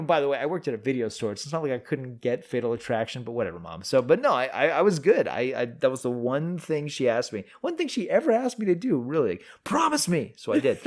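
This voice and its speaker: Man telling a lively film-night story. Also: mid-range voice. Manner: animated storytelling with frequent restarts. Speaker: podcast co-host. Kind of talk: casual film chat.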